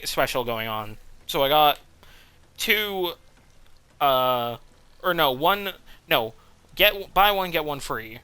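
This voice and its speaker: Male game streamer, swears a lot; bright, crisp, slightly high voice. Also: no room sound. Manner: rambling, profane, restarts often. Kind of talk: casual game commentary.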